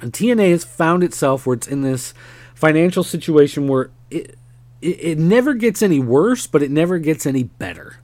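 A man's voice: fairly high pitch, expressive, moderate pace, a little mellow, no echo. A man commenting on wrestling business news in a casual, rambling monologue with many fillers.

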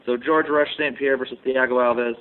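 A man's voice: mid-range voice, fairly even intonation. Man laughing through a tinny fight recap. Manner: laughs often, does quick mock impressions. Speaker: podcast co-host. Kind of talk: casual fight recap chat. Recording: tinny phone-like audio.

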